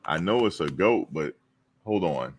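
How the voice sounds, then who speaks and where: A man's voice: low-pitched, measured pace. A man hosting a casual live-stream talk show, teasing and answering his viewers. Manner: animated, teasing, talks to viewers and chat. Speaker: show host.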